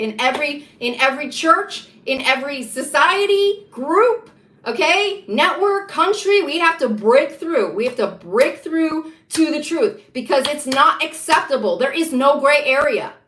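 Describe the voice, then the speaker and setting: A woman's voice: high-pitched, a bit bright, a little hiss or hum. A woman delivering an impassioned, emphatic political monologue, repeating herself and building to heated insistence. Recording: echoey room.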